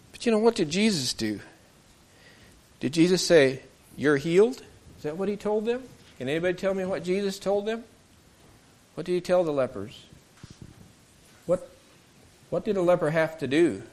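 A man's voice: sits high, animated, moderate pace, pauses often. Man telling children a Bible story. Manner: asks the children questions, acts out voices in the story.

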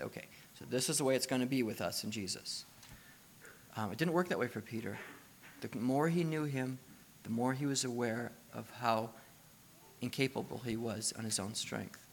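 Gravelly-voiced man preaching. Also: mid-range voice, a bit bright. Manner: conversational preaching with rhetorical questions, swelling to emphatic. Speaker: pastor. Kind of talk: sermon.

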